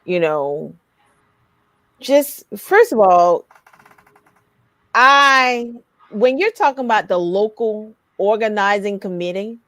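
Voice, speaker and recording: A woman's voice: mid-range voice, animated, takes it slowly, pauses often, fairly bright tone, no echo. A woman hosting a radio interview, asking winding, searching questions. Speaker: interview host.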